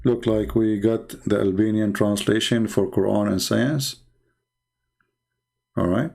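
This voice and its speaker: A man's voice: on the low side, fairly even intonation, a little slow, gravelly, mellow. A middle-aged man whose first language is Arabic, hosting a late-night livestream, tired with a strained voice, talking in an emphatic, preachy way with non-native grammar. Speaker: online debate show host.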